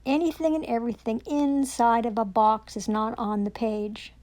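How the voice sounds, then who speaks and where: A woman's voice: on the high side, steady tone, moderate pace, a little mellow. A woman, ranting angrily and profanely into her own recording, sarcastic and accusing. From Canada. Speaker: self-recording vlogger. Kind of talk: angry rant to camera.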